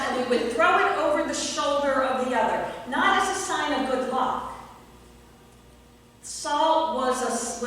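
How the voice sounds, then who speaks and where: A woman pastor preaching a sermon slowly and emphatically, with long pauses. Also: high voice, a bit bright, slight background noise. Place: church sanctuary. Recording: echoey church hall from far off.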